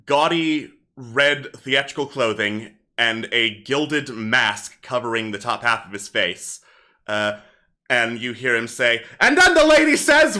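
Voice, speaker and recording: A man as game master, narrating a tabletop game in a relaxed way with lots of fillers. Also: medium pitch.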